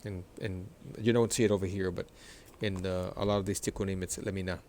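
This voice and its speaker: Middle-aged male teacher, patient and slow over repeated words, low-pitched, throat a little rough after illness. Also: little pitch movement, a little mellow, a little hiss or hum. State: clears throat often after recent illness. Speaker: Hebrew reading teacher. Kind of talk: explanatory lesson, screen-sharing.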